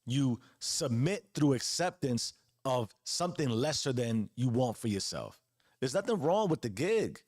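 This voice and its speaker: A man's voice: medium pitch, very animated, unhurried, a little mellow, no echo, studio quality. A man in his forties giving an earnest motivational monologue as host, preaching with casual slang and repeated phrases. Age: 40s. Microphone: close podcast mic.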